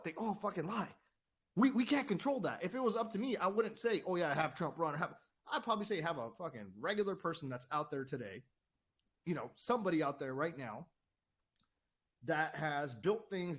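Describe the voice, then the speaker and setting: A man ranting heatedly on his own channel, swearing often, repeating words and asking "right?" again and again. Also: on the high side. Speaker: channel host. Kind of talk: heated political rant.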